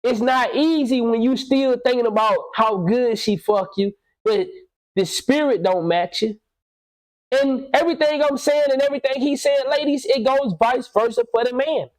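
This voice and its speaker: A man's voice: very high voice, normal speed, darkish tone, low-quality recording. Blunt, preachy man in his thirties. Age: 30s. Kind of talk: casual podcast conversation.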